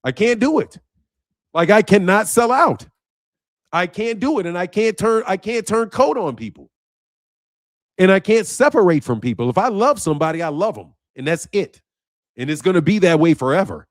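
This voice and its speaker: A man's voice: high-pitched, expressive, moderate pace, dry recording, clean studio sound. A man hosting a boxing channel, talking to camera in a casual monologue; he is emphatic and repetitive, swears often and turns intense and confrontational.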